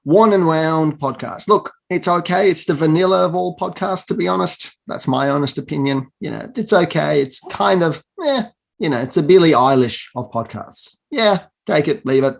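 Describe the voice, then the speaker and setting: A man's voice: on the high side, animated, moderate pace, gravelly. Guy hosting a jokey podcast award from home, dry teasing humor, video call sound. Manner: dry self-mocking humor. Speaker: awards presenter. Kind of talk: tongue-in-cheek awards hosting.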